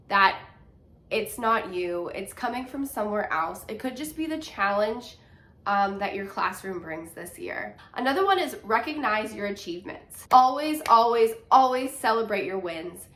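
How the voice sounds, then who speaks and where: A woman talking from her couch at home, slightly nasal and congested, with a mid-pitched voice. She chats in an encouraging, filler-heavy way. The room gives her voice a noticeable echo. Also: fairly bright tone. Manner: chatty and encouraging, with many fillers. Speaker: teacher and health coach. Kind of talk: casual talking-head advice vlog.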